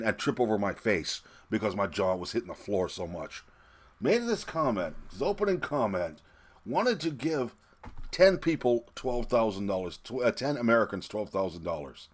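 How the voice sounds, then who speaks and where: A man vlogging a solo opinion rant, mocking and profane, breaking into laughs between complaints. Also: mid-range voice. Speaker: political vlogger.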